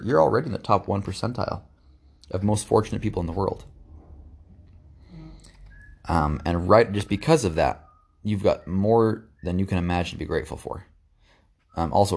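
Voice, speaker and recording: A young man with a very low, gravelly voice talks through his thoughts in an earnest, reflective podcast monologue. He circles back on himself, repeating words and starting over as he goes. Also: a little mellow. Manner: earnest, repeats and restarts words, trails off often. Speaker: podcast host.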